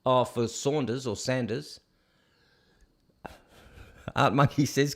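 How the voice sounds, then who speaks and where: A man's voice: mid-range voice, slow, pauses often, fairly bright tone. A middle-aged Canadian man hosting a casual livestream, reading viewer comments aloud and breaking into bits of songs. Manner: reads comments aloud, sings snatches of songs. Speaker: livestream host reading chat. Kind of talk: casual chat.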